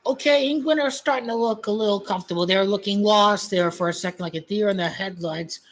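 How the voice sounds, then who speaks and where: A man hosts a live watch-along stream of a football match. His voice sits very high and strained. He keeps shouting and groaning at the play and hammering the same blunt, mocking lines again and again. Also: brisk.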